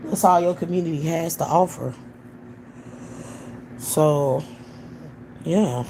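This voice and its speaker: Woman, low pitch, mellow dark tone, blunt profane livestream rant. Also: a little hiss or hum. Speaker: livestream host. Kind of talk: ranting livestream commentary. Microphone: computer or phone mic on a livestream.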